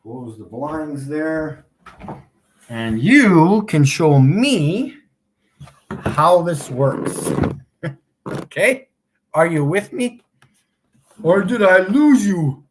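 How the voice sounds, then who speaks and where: A man hosts a live stream, mocking and taunting his chat while laughing often. His voice is fairly high and sing-song with a faint hiss or hum, and he drags his words out slowly with big jumps in volume.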